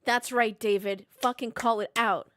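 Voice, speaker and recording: A woman's voice: on the high side, steady tone, measured pace, a bit bright, no echo. A woman streaming live, reacting in casual chat with lots of swearing, exasperation and laughter. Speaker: streamer watching a race.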